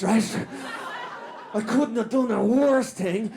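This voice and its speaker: Very high-pitched and mellow, an Irish stand-up comedian tells a fast story to a live audience in a small comedy venue, dropping "right?" at the end of his lines.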